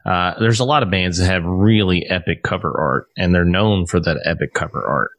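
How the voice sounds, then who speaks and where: A deep-voiced man, who's a musician, hosts a casual podcast chat, talking fairly quickly in a slightly bright tone on a dry recording. He rambles, swears freely, and restarts his sentences a lot.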